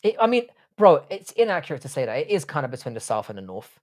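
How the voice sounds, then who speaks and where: A man's voice: a little high, very animated, quick pace. British-accented male streamer, blunt crude banter, casual live-stream chat. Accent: British English. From Ireland, raised in England. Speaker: university professor.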